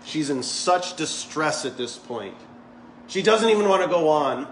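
A man's voice: fairly high pitch, expressive, a little slow, slight background noise. A male pastor preaching a sermon in a church, conversational and full of jokes. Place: church sanctuary. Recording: echoey church hall.

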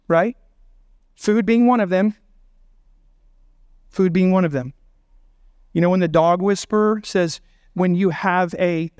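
A man's voice: sits high, a little mellow, dry recording, studio quality. A man preaching a sermon as pastor, emphatic and full of rhetorical questions.

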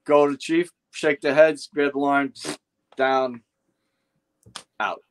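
A man's voice: mid-range voice, takes it slowly, clean tone. Profane New York storyteller, older man. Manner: profane, animated anecdotes with acted-out quotes. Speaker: guest, retired fire lieutenant. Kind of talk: casual storytelling chat.

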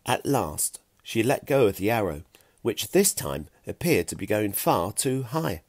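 A man reading a children's storybook aloud, unhurried and very expressive. His voice sits low and swings widely in pitch, recorded close and dry. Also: no room sound. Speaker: narrator. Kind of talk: storybook narration.

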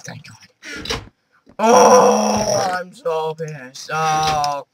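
A woman narrating her game as she plays, melodramatic, shouting and wailing in panic. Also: on the low side, slow pace, long pauses, a little hiss or hum. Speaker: let's-play gamer.

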